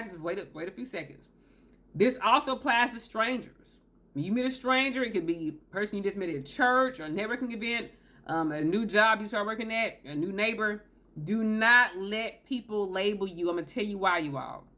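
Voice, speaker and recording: In a mid-range voice that's pushed, bright, and expressive, a woman briskly hosts a self-help video, talking straight to camera. Her advice is emphatic, with key phrases repeated and quoted people acted out.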